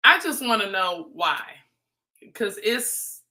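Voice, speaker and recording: A woman hosts a live stream with a bright, forceful voice. Her talk is chatty and teasing, casual commentary aimed straight at her viewers. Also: medium pitch, unhurried. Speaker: livestream host.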